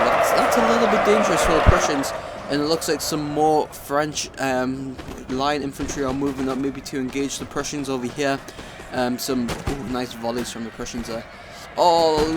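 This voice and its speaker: A young British man giving casual, excitable commentary on a strategy game battle, rambling with many fillers and restarts. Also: mid-range voice, very noisy. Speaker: gaming channel host.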